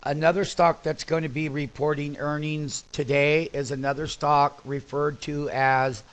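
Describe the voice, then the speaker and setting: A man hosting a stock trading show, giving live commentary over a chart and getting excited as he calls out prices. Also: on the high side, clear, resonant tone, poor audio. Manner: excitable, shouting out prices rapidly.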